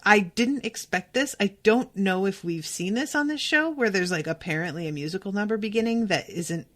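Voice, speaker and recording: Animated, emphatic woman podcast host. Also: mid-range voice. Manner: animated, emphatic, talks to listeners directly; casual, swears freely. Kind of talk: casual TV episode recap.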